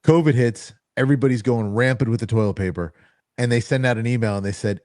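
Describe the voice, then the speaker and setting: A man's voice: medium pitch, quick pace, no echo, clean studio sound. A middle-aged man hosting a podcast, telling stories in casual chat and acting out the quoted lines. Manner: animated, acts out quoted dialogue. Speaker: podcast host.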